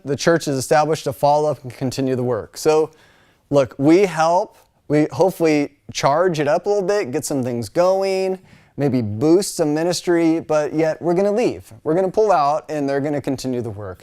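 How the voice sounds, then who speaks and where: Chatty, lively American male teacher. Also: a little high. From United States. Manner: chatty, animated, full of fillers, mimics voices. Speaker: Bible college teacher. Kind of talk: casual classroom lecture.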